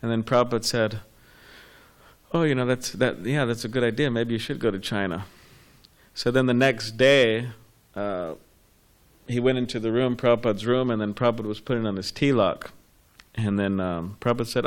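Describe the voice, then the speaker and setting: A man's voice: mid-range voice, normal speed, smooth. A man in a class, telling a story casually and rambling with fillers and restarts. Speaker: class participant.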